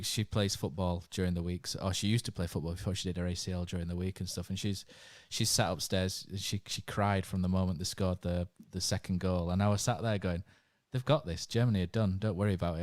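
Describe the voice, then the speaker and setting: A man's voice: low-pitched, no room sound, studio quality. A man hosting a podcast in an easygoing, chatty manner. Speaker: podcast host. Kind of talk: casual podcast chat.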